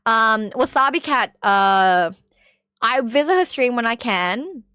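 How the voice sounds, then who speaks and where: Young Australian woman streamer, bright voice, chatty and rambling, dry close sound. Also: a little high, animated, slow, smooth, no echo. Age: young adult. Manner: chatty and rambling, laughs often. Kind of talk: casual chat, reacting to clips.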